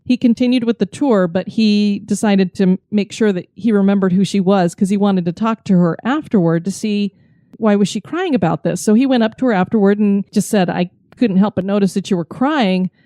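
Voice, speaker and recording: Mellow-voiced woman telling a story. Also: mid-range voice, brisk, no echo, studio quality. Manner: lively storyteller. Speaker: podcast co-host. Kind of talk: storytelling podcast chat.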